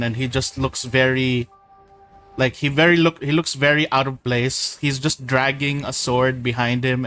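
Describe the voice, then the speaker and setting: A man's voice: medium pitch, a bit bright, low-quality recording. A man running a tabletop game as game master, describing scenes in a rambling way with many restarts. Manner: rambling, full of likes and restarts.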